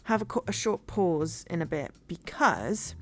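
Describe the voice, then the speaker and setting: A woman's voice: fairly low pitch, very animated, measured pace, slight background noise. A woman streamer chatting casually and rambling as she plays a game, laughing easily. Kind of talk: casual let's-play commentary.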